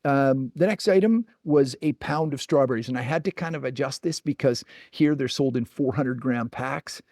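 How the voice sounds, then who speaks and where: A man's voice: medium pitch, moderate pace, a little mellow. A man from Canada talks casually to his viewers in a mid-range voice, hesitating often with ums and restarting his sentences. The recording is dry and close, with no room echo. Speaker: vlogger. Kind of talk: casual chat. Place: indoors, living in the UK.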